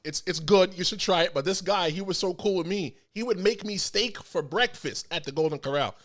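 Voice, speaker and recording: A man with a fairly high voice hosts a casual chat podcast. He is an animated storyteller who acts out the voices of the people in his stories. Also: brisk. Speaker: podcast host.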